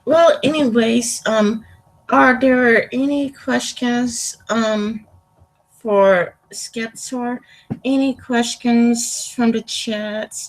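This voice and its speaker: A woman's voice: a little high, steady tone, extremely slow, rough recording. A woman hosting a casual livestream interview, rambling with lots of fillers. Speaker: interview host.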